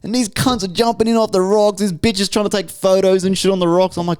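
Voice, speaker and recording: A man's voice: high-pitched, brisk, smooth, dry recording, clean studio sound. A young Australian man co-hosting a podcast, telling a story in casual chat, swearing freely and full of slang. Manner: profane, animated storytelling with heavy slang. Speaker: podcast co-host.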